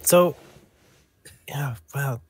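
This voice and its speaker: A man's voice: medium pitch, extremely slow, husky. A man on a casual podcast chat, talking things through hesitantly and asking puzzled questions. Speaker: podcast co-host.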